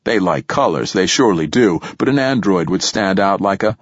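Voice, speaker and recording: Brief: narrator putting on a blustering commander barking orders, low husky voice, dullish recording. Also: male voice, expressive, normal speed, no room sound, lo-fi sound. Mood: evasive. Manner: blustering, rising to shouting when angry. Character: blustering, profane male base commander.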